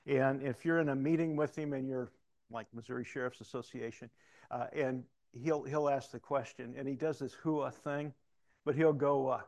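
A man preaching a sermon in a church in a folksy, conversational way, telling a story and then praying in a hushed, slow voice. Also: medium pitch, steady tone.

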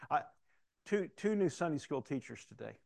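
A middle-aged man preaching a conversational sermon as pastor, swinging between loud storytelling and hushed asides, with frequent restarts. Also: on the high side, sing-song, normal speed, gravelly, dry recording.

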